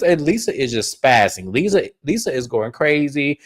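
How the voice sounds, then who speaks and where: A man hosting a casual reality TV recap, animated and blunt, swearing freely and acting out quotes. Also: normal speed, hardly any pauses, dry recording, clean studio sound. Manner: animated, acts out quotes in a high put-on voice.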